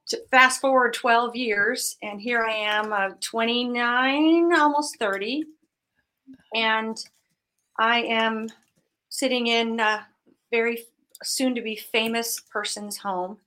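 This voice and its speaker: Woman in her forties, bright higher voice, animated storyteller, acts out the voices in her stories. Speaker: guest, business owner. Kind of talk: conversational interview storytelling.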